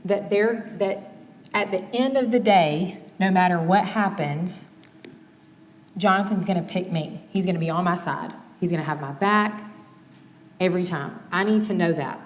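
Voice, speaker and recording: A woman's voice: fairly low pitch, normal speed, slight background noise. Candid woman teaching in a reverberant hall. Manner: candid, animated, acts out quoted exchanges. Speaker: speaker teaching on marriage. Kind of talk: conversational teaching talk. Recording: long reverb of a large hall.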